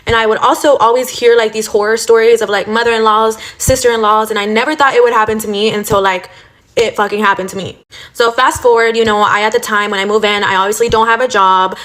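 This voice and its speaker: A young woman rattles off a storytime rant at a brisk clip, her voice sitting a little high. She is blunt and swears freely, packing every sentence with "like" and "you know". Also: fairly even intonation, a bit bright. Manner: blunt and profane, full of fillers like "like" and "you know". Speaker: storytime vlogger.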